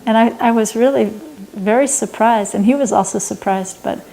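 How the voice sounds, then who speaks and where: A woman's voice: fairly high pitch, normal speed, creaky, mellow, poor audio. A woman thoughtfully recalling a memory of her teacher and what it taught her. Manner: thoughtful, searching for words. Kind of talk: reflective reminiscence.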